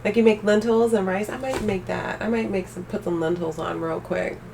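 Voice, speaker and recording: A young woman live streaming, chatting casually with her viewers and ranting with animated energy. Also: medium pitch, moderate pace, creaky, far from the mic, a little hiss or hum. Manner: animated ranting, talks straight to chat.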